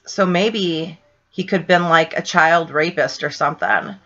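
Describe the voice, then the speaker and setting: Bright, rambling woman from Ohio. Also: deep voice, measured pace, dull audio. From Ohio, USA. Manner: rambling, lots of "like" and "right?". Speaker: vlogger telling a paranormal story. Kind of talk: casual storytelling.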